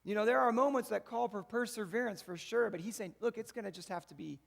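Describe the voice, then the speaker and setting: A man's voice: high voice, fast talker, gravelly. A man giving a sermon as pastor, talking in a casual, conversational way and often checking in with the congregation. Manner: conversational preaching with frequent "right?" asides. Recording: echoey church hall.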